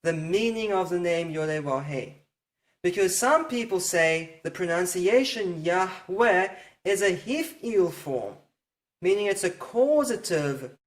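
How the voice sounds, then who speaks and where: A teacher giving a methodical lesson on Hebrew pronunciation, slowing down to sound out each word. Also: mid-range voice, animated. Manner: patient, methodical, slows down to sound out words. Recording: roomy echo.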